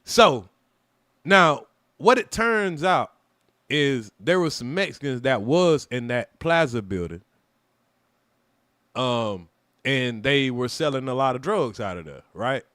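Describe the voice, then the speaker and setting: A man casually telling a personal story on a livestream, animated and profane, loudly acting out what people said to him. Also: mid-range voice, slow pace, long pauses, no echo, studio quality. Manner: animated, profane, acts out quoted voices loudly.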